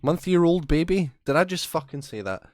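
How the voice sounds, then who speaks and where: A man's voice: fairly high pitch, expressive, a little fast, no room sound. Scottish guy on a podcast, swears a lot, jokey, dry close sound. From Scotland. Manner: sweary, jokey, reads news stories aloud. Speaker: podcast co-host. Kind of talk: casual chat.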